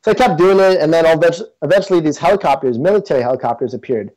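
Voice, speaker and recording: A man's voice: on the high side, racing, darkish tone, low-quality recording. A man being interviewed as a guest, talking casually and earnestly, with many fillers and restarts. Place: in Toronto.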